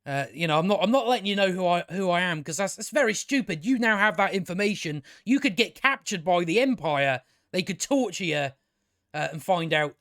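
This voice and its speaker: A man's voice: high-pitched, animated, fairly quick, fairly bright tone. A man giving a rambling, sweary, mocking commentary while reviewing a show. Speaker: video reviewer. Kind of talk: casual commentary over clips.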